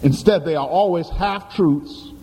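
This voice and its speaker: A man's voice: a little high, unhurried, mellow, a little hiss or hum. A man preaching a sermon in a church, with emphatic, dramatic storytelling and questions thrown to the congregation. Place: church sanctuary. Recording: long hall reverb, faint ambience.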